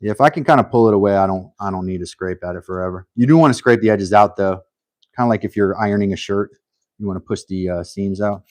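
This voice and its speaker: A man hosting a casual live stream, thinking aloud while he works, humble and a little halting, with frequent restarts. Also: on the low side, darkish tone, no room sound.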